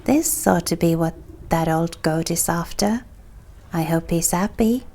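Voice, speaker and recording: A woman whose first language is not English, hosting a let's play and reading the game text aloud in a soft, unhurried way. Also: on the low side. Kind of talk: calm gameplay narration. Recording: faint music behind.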